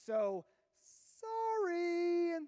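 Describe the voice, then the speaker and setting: Animated high-voiced youth pastor. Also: male voice, extremely slow. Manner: animated storyteller, bursts into shouting for effect. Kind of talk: youth sermon with storytelling.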